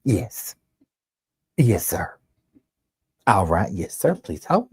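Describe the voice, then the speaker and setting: A man's voice: lowish voice, sing-song, extremely slow, creaky, darkish tone, breathy edge, no echo, clean studio sound, exaggerated voice. A man voicing a sweet, polite Southern small-town woman who answers the office phone and keeps saying "please hold.".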